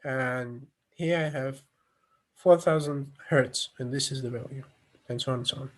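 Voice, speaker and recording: A man giving an online lecture over a video call, explaining on a shared screen with many fillers and restarts. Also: medium pitch. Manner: halting, many fillers and restarts, non-native phrasing.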